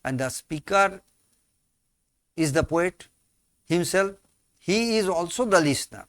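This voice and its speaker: A man, teaching a poem slowly in class, repeating and rephrasing key words. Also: sits high, lively intonation, fairly bright tone, no room sound. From India. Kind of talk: slow classroom explanation of a poem.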